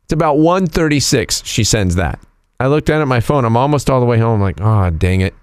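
A man hosting a radio show, telling a story in a casual, animated, teasing way. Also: medium pitch, a little fast, smooth, no room sound.

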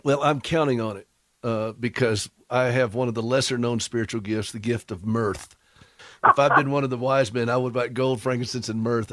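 A man's voice: mid-range voice, steady tone, normal speed, fairly bright tone, no room sound, clean studio sound. A man hosting a Christian talk show. He jokes and chats in a folksy way. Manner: folksy and joking. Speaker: radio talk show host. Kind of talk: warm humorous talk-show chat.

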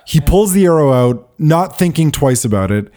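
A man's voice: a little high, lively intonation, moderate pace, mellow. A man co-hosting a casual film discussion, chatty and enthusiastic, laughing often. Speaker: podcast co-host.

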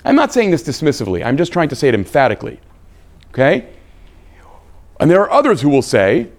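A man, a rabbi giving a live lecture, emphatic and animated, checking in with his listeners with frequent "right?" and "okay?". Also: on the high side, fairly quick, long pauses.

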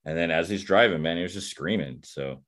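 Casual male podcaster, very deep, laid-back and rambling. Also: brisk, a bit bright. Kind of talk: casual chat.

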